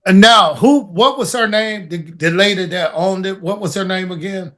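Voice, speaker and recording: An older man co-hosts in relaxed podcast chat, and his voice sits notably high for a man. He asks follow-ups in an easy way and doubles back on his own words. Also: moderate pace. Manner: easygoing, asks follow-up questions, repeats himself. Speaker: podcast co-host. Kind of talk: casual interview chat.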